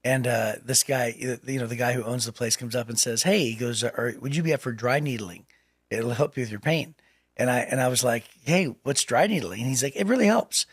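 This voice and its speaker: A podcast co-host with a medium pitch and a breathy edge speaks a little fast, with no room sound. In casual chat he tells a personal story in an animated way, laughing often.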